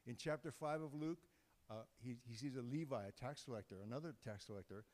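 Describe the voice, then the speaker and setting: A man delivers a sermon in an easygoing, joking way, often breaking off and restarting his phrases. His voice sits at an ordinary middle pitch. The sound rings out with the long reverb of a large church sanctuary. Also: a little fast, darkish tone. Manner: informal, joking, conversational with restarts. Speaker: guest preacher.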